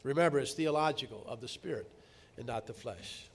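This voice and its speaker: A middle-aged man preaching a sermon, earnest, slowing down to stress key words and rising to emphatic peaks. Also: medium pitch, expressive, breathy edge.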